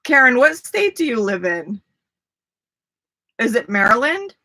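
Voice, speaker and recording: Bright, chatty woman streaming. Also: fairly high pitch, sing-song, measured pace. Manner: chatty, talks to viewers by name, laughs easily. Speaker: livestream host. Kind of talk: casual live chat with viewers.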